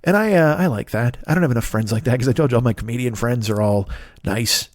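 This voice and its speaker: Talking at a quick pace in a mid-range voice, a man in his 50s who is a comedian and podcast host rambles through a self-deprecating comic monologue. He curses frequently and keeps restarting his sentences, captured in a dry, studio-quality recording.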